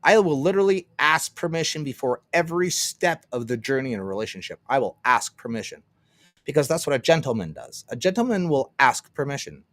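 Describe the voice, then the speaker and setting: A man's voice: mid-range voice, big pitch swings, brisk, fairly bright tone, no echo. A man from Canada hosting a casual solo livestream, rambling and sarcastic, muttering to himself between remarks. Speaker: livestream host.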